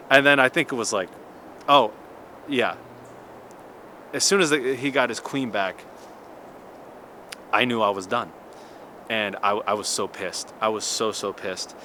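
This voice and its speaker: A man in his thirties tells a casual story, his voice bright and forward. He talks in a chatty, animated way, full of restarts and "like". Faint traffic hums behind him outdoors. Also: medium pitch. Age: 30s. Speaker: vlogger.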